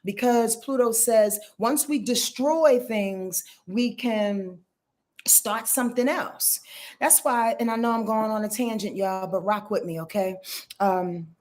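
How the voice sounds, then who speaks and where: A woman with a fairly high, darkish voice speaks at a measured pace while hosting a casual astrology livestream. She's loose and chatty, swears, and talks straight to her viewers, calling them y'all.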